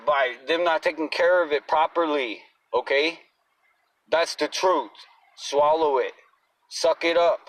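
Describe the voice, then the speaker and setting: A man's voice: fairly high pitch, fairly bright tone, distant mic, a little hiss or hum, poor audio. A man in a casual, agitated rant, talking bluntly and swearing often. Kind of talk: casual profane rant to camera.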